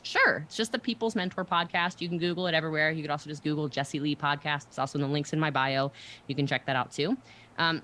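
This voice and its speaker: A woman with a lowish voice gives motivational recruiting tips on a livestream. She talks briskly and emphatically and keeps checking in with her listeners. Her delivery is assertive and salesy. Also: a bit bright. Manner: brisk, emphatic, often asks okay?. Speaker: network marketing mentor on a livestream.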